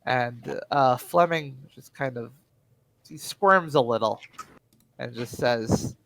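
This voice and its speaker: A man running a tabletop game session, narrating what the characters do. He talks slowly and loosely, with frequent "uh"s and restarts. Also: mid-range voice, creaky, rough recording. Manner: relaxed, filler-heavy narration. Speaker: game master.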